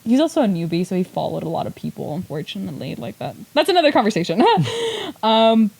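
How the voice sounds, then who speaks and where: A woman's voice: medium pitch, a little fast, gravelly, breathy edge, poor audio. A woman hosting a podcast in casual chat, rambling with lots of fillers and laughing often as she talks. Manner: rambling, filler-heavy retelling with frequent "like"; animated, laughs often while talking. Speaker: podcast host.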